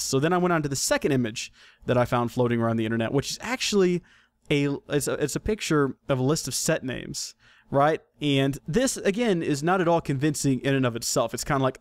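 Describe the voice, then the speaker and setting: A man talks through his podcast in a loose, rambling way, often correcting himself and cracking jokes. His voice sits at an ordinary middle pitch. The sound is close and dry, with no room around it. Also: fast talker, no echo. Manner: rambling, self-correcting, joking. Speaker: podcast host. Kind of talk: casual solo podcast commentary.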